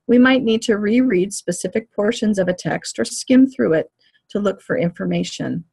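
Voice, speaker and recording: Husky woman giving a measured lecture. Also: medium pitch, a little mellow. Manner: clear, measured explanatory delivery. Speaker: teacher educator. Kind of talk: lecture on reading fluency.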